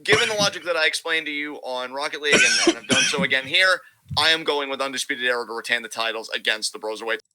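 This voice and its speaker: Bright-voiced young man chatting casually. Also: medium pitch, lively intonation, quick pace, poor audio. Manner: laid-back, opinionated, says dude and brother. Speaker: podcast co-host. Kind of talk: casual chat.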